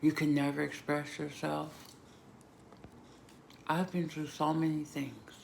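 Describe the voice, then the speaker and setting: Gravelly-voiced woman telling her story. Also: deep voice, level tone, slow, slight background noise. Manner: emphatic, swings between hushed and loud. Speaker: vlogger sharing a personal story. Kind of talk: emotional personal testimony.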